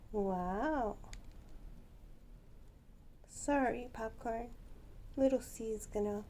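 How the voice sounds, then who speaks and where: A woman's voice: a little high, very slow, warm tone, slight background noise. A woman chatting at home to her pet birds in a doting, teasing baby-talk way. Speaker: pet bird vlogger. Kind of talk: casual chat to pet birds.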